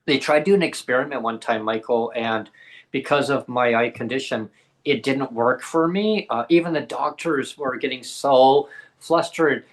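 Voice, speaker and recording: A man's voice: mid-range voice, normal speed. A man co-hosting a podcast, telling a personal story in a rambling way, full of fillers and acted-out dialogue. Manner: rambling, many fillers, acts out quoted dialogue. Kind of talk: casual storytelling in a video podcast.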